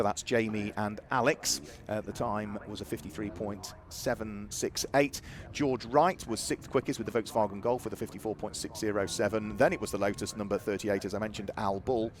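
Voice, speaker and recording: A man commentating live on club motor racing, methodically reading out lap times and grid positions. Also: on the low side.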